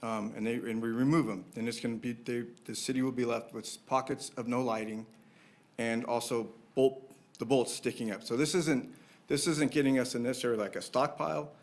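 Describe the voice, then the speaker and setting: A man's voice: medium pitch, fairly even intonation, fairly quick. Earnest city staff man explaining. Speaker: city division manager. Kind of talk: staff briefing at council meeting.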